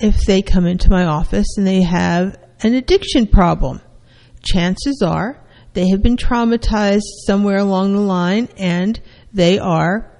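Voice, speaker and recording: A therapist explaining a concept to listeners at an unhurried pace. The delivery is measured, with pauses and restarts. The voice carries a long hall reverb. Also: mid-range voice, darkish tone. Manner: measured, with frequent fillers and restarts. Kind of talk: explanatory talk to an audience.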